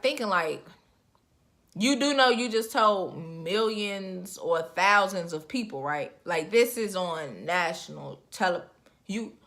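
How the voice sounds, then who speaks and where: Bright, chatty young woman vlogger. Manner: chatty, expressive, with sudden pitch jumps. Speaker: reality TV reviewer. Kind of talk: casual chat.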